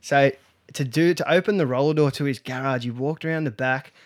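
A man's voice: medium pitch, a little fast. A young Australian man tells a story in loose, casual chat, swearing freely as he goes. His voice sits mid-range and conversational. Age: young adult. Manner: swears freely, laughs while telling stories. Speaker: podcast co-host.

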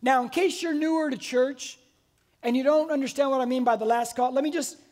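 High-voiced pastor man, animated storytelling. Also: fairly quick. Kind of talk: sermon. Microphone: wearing a mic.

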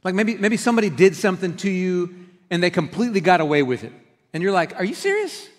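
A middle-aged pastor giving a conversational sermon, telling stories and acting out quoted outbursts. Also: male voice, high voice, fast. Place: church sanctuary. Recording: long hall reverb.

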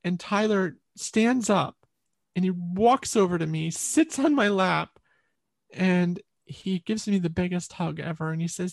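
Gravelly-voiced woman telling an earnest story. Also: lowish voice, a little mellow, no room sound. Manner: earnest, halting, with many restarts and repeated words. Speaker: podcast guest. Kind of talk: emotional personal storytelling.

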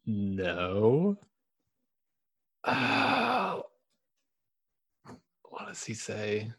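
A man co-hosting a podcast in casual chat, easygoing and quick to laugh, hedging his words. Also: fairly low pitch, wildly swooping pitch, creaky, fairly bright tone, husky. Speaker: podcast co-host.

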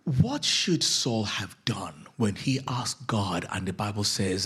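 A male pastor preaches a sermon, retelling a Bible story with playful asides. His voice is husky and sits fairly low. He moves between quiet moments and lively punchlines. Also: measured pace, few pauses. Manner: jokey, animated Bible storytelling.

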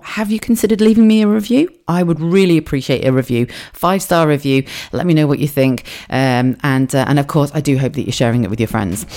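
A woman's voice: rumbling low, darkish tone. A woman in her forties hosting a solo podcast, telling stories in a chatty, earthy way. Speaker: podcast host. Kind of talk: casual solo podcast storytelling.

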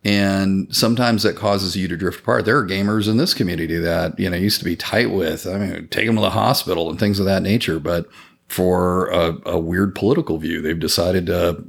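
A man's voice: low voice, gravelly. A man talking in a casual podcast conversation, earnest and reflective, swearing now and then.

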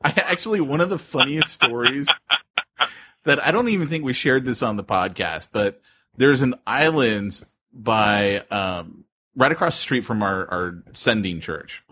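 A man's voice: medium pitch, expressive, pushed and bright, a little hiss or hum. A man co-hosting a podcast, telling funny stories in casual chat and laughing through them. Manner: laughing storyteller, quick asides. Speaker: podcast co-host. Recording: dull lo-fi podcast audio.

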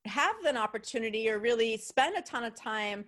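A woman's voice: on the high side, expressive, moderate pace, fairly bright tone. A woman with a New York accent hosting a podcast interview, chatty and bubbly, laughing often. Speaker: podcast host. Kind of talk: casual interview chat.

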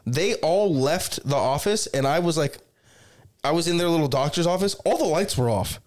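A man's voice: on the high side, expressive, normal speed, darkish tone. A man co-hosting a podcast in casual chat, swearing freely and laughing through his stories. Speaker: podcast co-host.

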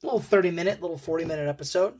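A man co-hosting a podcast in casual chat, teasing his partner in lively banter. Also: a little high, rapid-fire. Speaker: podcast co-host.

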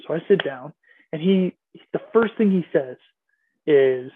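A man guest telling relaxed, rambling stories about his playing days in a casual interview. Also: on the high side, measured pace, long pauses, breathy edge, dry recording. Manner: relaxed, rambling anecdotes with fillers. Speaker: guest, former player. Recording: tinny phone-like line.

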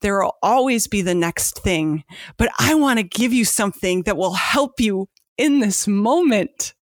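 A woman's voice: medium pitch, animated, unhurried, dry recording. Woman, casual faith podcast, earnest and emotional, filler-heavy, dry close sound.

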